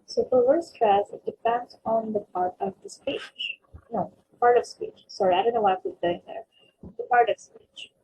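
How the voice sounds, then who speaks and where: A young woman student presenting a pronunciation lesson, reading example words slowly and carefully. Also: a little high, very animated, a little mellow, husky. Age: young adult. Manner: slow, careful reading of word lists. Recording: slightly dull lo-fi recording.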